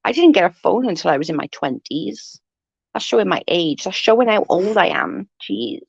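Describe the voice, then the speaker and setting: Speaking from home to her livestream audience, this woman in her forties rambles along at a moderate pace, often laughing and cursing without restraint. Her voice sits on the low side, gravelly and sing-song with a breathy edge, captured in a dull, dry lo-fi recording.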